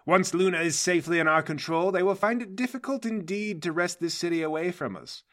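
A man's voice: sits high, brisk, a bit bright, pitched above the performer's own voice. A man voicing Mercury, a grandiose scheming male villain leader who speaks pompously and theatrically.

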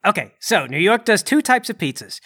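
A man's voice: sits high, sing-song, a little fast, bright, forceful tone. A man playing a tabletop game, talking in a wry, rambling way. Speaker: player.

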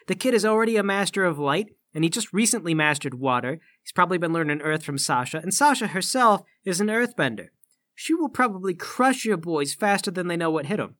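High bright-voiced guy, wry and stammery, playing his character. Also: expressive, brisk. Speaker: player. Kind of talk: playing a character in a tabletop game.

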